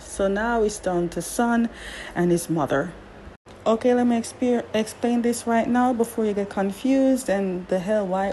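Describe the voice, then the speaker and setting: A woman giving a casual recap of a drama series, chatty and animated, firing off indignant rhetorical questions and correcting herself as she goes. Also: mid-range voice, a little hiss or hum, rough recording. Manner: chatty, with frequent self-corrections.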